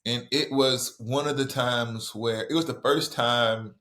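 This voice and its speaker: Southern man telling stories. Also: medium pitch. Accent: Southern American. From American South. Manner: animated, quick storytelling with many restarts. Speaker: author guest. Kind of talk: storytelling in conversation.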